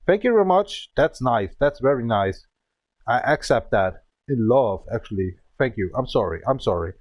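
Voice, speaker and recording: A man's voice: medium pitch, expressive, moderate pace, darkish tone, dry recording. A man in his thirties from Germany, a native German speaker talking English with a German accent, ranting and swearing in broken English on a casual game stream. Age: 30s.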